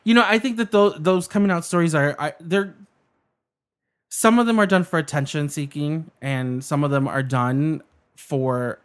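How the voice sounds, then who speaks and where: A man's voice: on the high side, normal speed, smooth. A man co-hosting a podcast, talking in a casual, hesitant way with many restarts and fillers. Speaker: podcast co-host. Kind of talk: casual chat.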